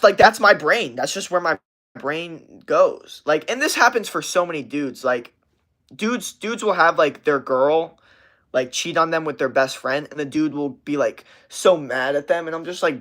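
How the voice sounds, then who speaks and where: A man's voice: fairly high pitch, lively intonation, moderate pace, a bit bright. A young man hosting a livestream as a health coach, ranting casually in a rambling, profane way, full of filler words and restarts.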